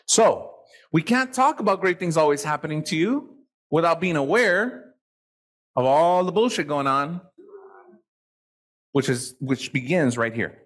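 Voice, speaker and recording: A man's voice: on the high side, lively intonation, measured pace, pauses often. A man speaking as a motivational seminar speaker to a live audience in a hall, blunt and profane, talking into a handheld microphone.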